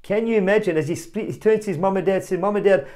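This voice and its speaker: A male preacher giving a family sermon, telling a story with animated energy and calling out directly to children and parents. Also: high-pitched, racing. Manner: animated storyteller, rising to loud exclamations.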